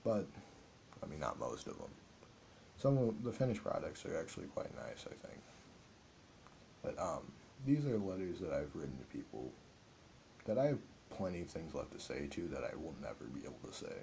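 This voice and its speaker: Casting note: young male podcast host, very deep and gravelly, mellow tone, earnest rambling monologue. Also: very animated, normal speed, pauses often, a little hiss or hum. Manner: earnest, rambling, heavy filler words. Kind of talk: reflective solo podcast monologue.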